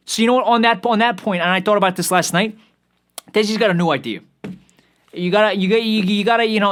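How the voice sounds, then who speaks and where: A man's voice: a little high, fairly bright tone. A young man hosting a solo podcast, ranting heatedly, swearing constantly and repeating himself as he restarts. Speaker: podcast host. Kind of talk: profane solo rant.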